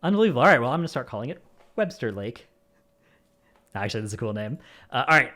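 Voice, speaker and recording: A man's voice: mid-range voice, sing-song, quick pace, pushed and bright. A man hosting a gaming podcast, reading out supporter names in an easygoing way with jokey asides. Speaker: podcast host. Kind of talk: casual gaming podcast chat.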